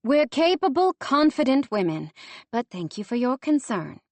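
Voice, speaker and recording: Woman reading a firm, brisk young woman. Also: high voice, very animated, a little mellow, dry recording, pitched above the performer's own voice. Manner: firm, brisk, sometimes pleading.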